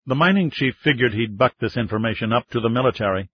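A man reading a novel as scripted narration, in a steady, even storytelling manner, close to the mic. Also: mid-range voice, fast, few pauses, slightly rough. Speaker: audiobook narrator. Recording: dull, slightly muffled audiobook sound.

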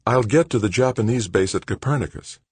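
A man voicing an earnest, determined young man who argues with his mother, somewhat higher than his own voice. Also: a little fast, breathy edge, no echo, lightly acted. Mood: even. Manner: eager, then calmly insistent.

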